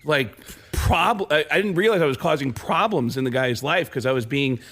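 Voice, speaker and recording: A male comedian guest on a radio show, telling anecdotes full of quick impressions. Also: fairly high pitch, animated, fairly bright tone.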